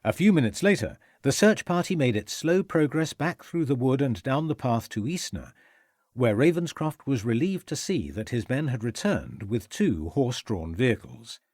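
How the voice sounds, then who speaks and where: Male audiobook narrator, expressive and dramatic, husky voice with lively pitch. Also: moderate pace, dry recording, clean studio sound.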